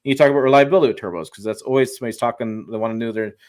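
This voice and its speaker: A man's voice: medium pitch, racing, darkish tone. A man speaking as a guest on a livestream, chatting casually and enthusiastically, with frequent restarts and rambling asides. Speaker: guest truck reviewer.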